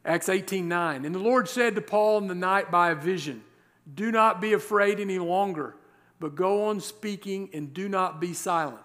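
A male pastor preaching a sermon, reading scripture verses and explaining them with rhetorical questions and slowed, stressed words. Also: high voice, a bit bright. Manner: emphatic, slows down to stress key words.

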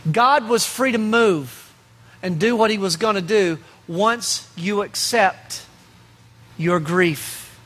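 A man preaching a sermon as pastor, asking rhetorical questions and pausing for effect. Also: sits high, a bit bright.

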